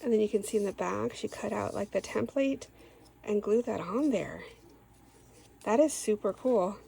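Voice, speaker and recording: A woman's voice: medium pitch, gravelly, warm tone, a little hiss or hum, poor audio. Gushing woman unboxing craft goodies. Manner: gushing, gasping, says "oh my gosh" often. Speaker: craft channel host. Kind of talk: unboxing a craft swap package.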